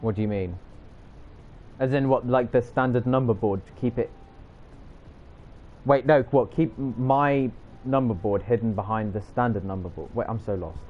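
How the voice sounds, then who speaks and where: A man's voice: mid-range voice, normal speed, long pauses, slight background noise. A young man, streaming a racing game and trading teasing, jokey banter with his chat. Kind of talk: live gameplay chat with viewers. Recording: slightly dull audio with music behind.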